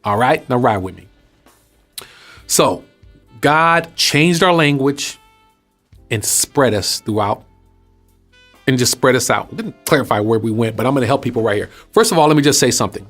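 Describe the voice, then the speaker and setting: A man from Texas talking casually to his audience as host, preaching in a lively, conversational way and asking them questions. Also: medium pitch, moderate pace, pauses often, soft background music. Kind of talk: casual spoken teaching.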